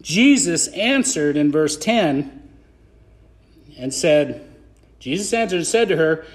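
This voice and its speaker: High-voiced man preaching a sermon. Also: darkish tone. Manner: conversational, plays out scripture scenes in voices. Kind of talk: podcast sermon.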